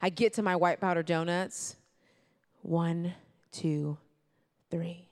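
A woman telling a personal story to an audience, lively and talking straight to her listeners. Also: fairly low pitch, slow pace. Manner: lively, acts out quotes, addresses listeners directly.

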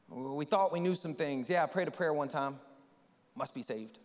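Animated preacher in a reverberant hall. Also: male voice, fairly high pitch, normal speed. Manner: animated preaching, voice rising loud then dropping quiet. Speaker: pastor. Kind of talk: sermon. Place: church sanctuary. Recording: large hall with long reverb, soft music behind.

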